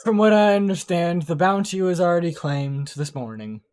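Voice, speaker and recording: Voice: medium pitch, normal speed, a little mellow, clear, resonant tone, natural voice. A game master playing a curt bugbear butler. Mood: guarded. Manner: stiff, formal, tight-lipped. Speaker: game master voicing a character. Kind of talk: tabletop game role-play.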